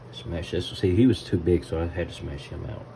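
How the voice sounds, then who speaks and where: A man's voice: sits low, creaky, background noise. A man with a Southern US accent hosting a casual cooking vlog from his home kitchen, chatting folksily to viewers and calling them y'all. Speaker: cooking video host.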